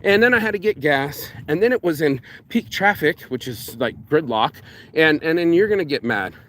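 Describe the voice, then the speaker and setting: A man's voice: on the high side, lively intonation, normal speed, a bit bright, slight background noise. A man vlogging outdoors in a park, ranting bluntly and profanely in a casual monologue.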